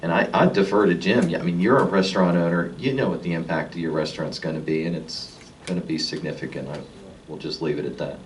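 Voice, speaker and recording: A county supervisor arguing firmly at a public debate. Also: male voice, low voice, quick pace. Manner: firm, argumentative. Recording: distant mic with faint noise.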